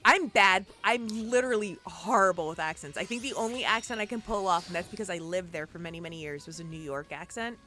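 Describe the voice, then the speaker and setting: This woman streamer talks quickly and almost without pauses in a fairly low, pushed, bright voice. She chats casually and exclaims often while playing an online game, with faint game music audible behind her.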